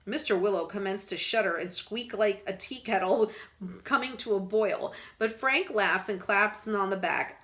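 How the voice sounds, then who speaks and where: A teacher reading a novel aloud to her students in an expressive way, pausing to explain words to them. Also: medium pitch.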